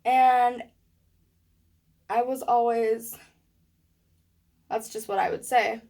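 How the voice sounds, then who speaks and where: A woman telling a personal story in a vlog, animated, acting out what people said. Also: fairly high pitch, slow pace, gravelly. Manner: animated storytelling with acted quotes. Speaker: vlogger.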